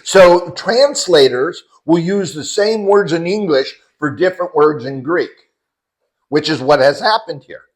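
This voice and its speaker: A man's voice: on the high side, expressive, a little slow, poor audio. A man leading a casual group Bible study, explaining scripture and the Greek words behind it to the people around him.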